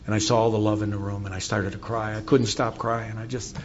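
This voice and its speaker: A man's voice: fairly low pitch, flat delivery, fairly quick, dull audio, a little hiss or hum. Middle-aged man candidly sharing a recovery story. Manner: candid storytelling with wry humor. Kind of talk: recovery talk to an audience.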